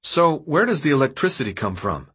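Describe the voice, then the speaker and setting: A man's voice: medium pitch, big pitch swings, fairly quick, a bit bright, breathy edge, voice pushed up. A man voicing a confused, curious teenage boy in an audiobook reading, asking one earnest question after another.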